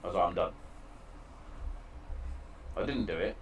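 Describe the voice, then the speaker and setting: A man's voice: deep voice, measured pace, lo-fi sound, a little hiss or hum. A man hosting a podcast from his shed, speaking frankly and emotionally about hard times, with plenty of swearing. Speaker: podcast host. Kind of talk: candid casual chat. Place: home shed.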